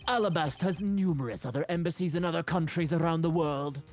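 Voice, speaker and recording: A woman voicing an arrogant older male ambassador villain, speaking in a smug, drawn-out, lordly way. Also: deep voice, a little mellow, faint music behind, close to an everyday voice. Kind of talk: fan voice acting of a game.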